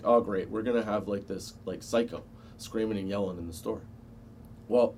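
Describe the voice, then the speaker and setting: A man's voice: mid-range voice, darkish tone, a little hiss or hum. A man telling a casual personal anecdote, swearing freely and chuckling often as he goes. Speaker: storyteller.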